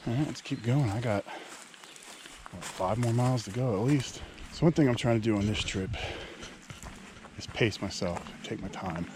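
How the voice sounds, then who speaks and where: A man's voice: mid-range voice, normal speed, pauses often. A man in his thirties chatting casually while he hikes, with lots of fillers. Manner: relaxed, chatty, many fillers. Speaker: hiking vlogger. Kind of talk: casual vlog narration. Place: outdoors on a wooded trail. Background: wind, outdoor nature sounds.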